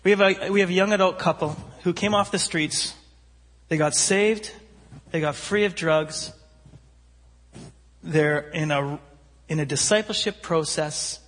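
High bright husky preacher in a hall. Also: male voice, a little slow, long pauses. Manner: animated, acts out characters. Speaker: pastor. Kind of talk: sermon storytelling. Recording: long hall reverb.

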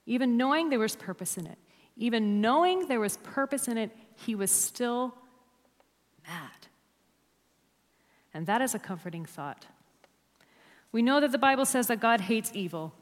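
A woman's voice: a little high, lively intonation, normal speed, pauses often. A woman preaching a sermon to a church, emphatic and dropping to near-whispers on key words. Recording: long hall reverb.

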